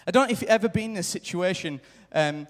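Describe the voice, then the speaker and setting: A man's voice: sits high, expressive, fast talker, fairly bright tone. Earnest male preacher in a reverberant church. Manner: earnest, repetitive emphasis, acts out quoted lines. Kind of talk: sermon. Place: church hall. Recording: live church hall reverb.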